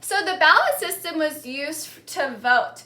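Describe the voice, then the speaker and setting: In a room with a clear echo, an animated woman teacher runs a call-and-response exercise. Her voice is high and bright, and she speaks slowly and distinctly, leaving gaps for students to echo every key word.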